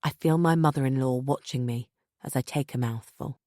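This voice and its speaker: Low female narrator, measured first-person audiobook read, dry close studio sound. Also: mellow, dry recording.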